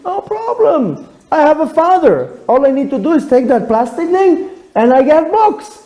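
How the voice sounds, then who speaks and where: A man doing a squeaky carefree little girl. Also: very animated, normal speed, mellow, rough recording. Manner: high squeaky childlike voice. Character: carefree eleven-year-old girl, cheerfully sure.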